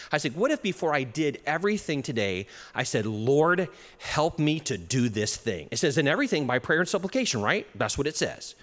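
A pastor delivers a sermon in a slightly high, very lively voice, his pitch swinging widely as he speeds up and slows down. Chuckles break in now and then. His voice rings out with the long reverb of a large hall. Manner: animated preaching with chuckles and shifts in pace.

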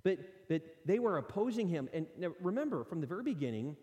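A man preaching a sermon in a lively, conversational way, reading and explaining scripture. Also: sits high, quick pace. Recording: long hall reverb.

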